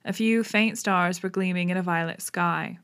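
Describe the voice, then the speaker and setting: A woman narrating a classic novel in a steady, suspenseful storytelling manner. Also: lowish voice, moderate pace. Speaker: audiobook narrator. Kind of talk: dramatic audiobook narration.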